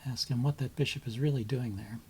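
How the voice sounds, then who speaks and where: A man commentates his own blitz chess game on his channel, his voice gravelly with a rough, creaky edge. He thinks aloud hesitantly, full of ums, and drops to a mutter as he weighs each move. A faint noise sits under the recording. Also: medium pitch, fairly quick.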